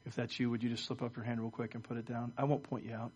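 A man's voice: medium pitch, little pitch movement, rapid-fire, darkish tone, breathy edge. A middle-aged man, preaching a sermon in church and leading a prayer, often repeating words as he speaks. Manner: storytelling with frequent stammered word repeats. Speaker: pastor. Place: church service.

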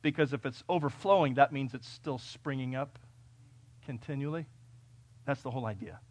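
A man from California preaching a sermon, reading scripture and telling stories, swinging between loud, urgent peaks and quiet, conversational asides. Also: medium pitch, moderate pace. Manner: conversational storytelling with fillers and restarts. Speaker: pastor.

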